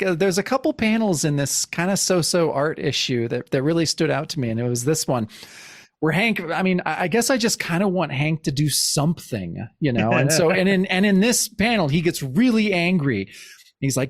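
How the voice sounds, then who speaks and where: A man's voice: on the high side, big pitch swings, brisk, dry recording, studio quality. A man co-hosting a podcast in casual chat, recapping a comic and laughing often. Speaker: podcast co-host.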